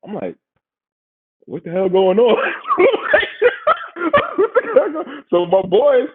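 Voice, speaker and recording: With a high-sitting, expressive voice at a measured pace, a podcast host who once played pro football tells a story amid some background noise. He's from Queens, speaks with a New York accent in casual slang, laughs often, and sounds husky through a tinny, phone-like line.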